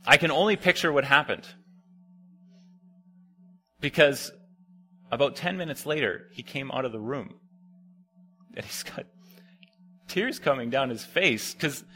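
A young man giving a sermon, telling a camp story in a conversational way and dropping quiet when he quotes people. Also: mid-range voice. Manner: conversational, drops to quiet near-whispers for quoted lines. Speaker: preacher.

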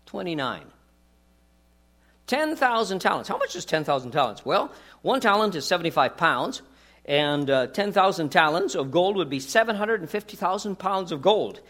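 A man's voice: high-pitched, sing-song, moderate pace, a bit bright. A man preaching a sermon as pastor, talking conversationally with rhetorical questions and jokes.

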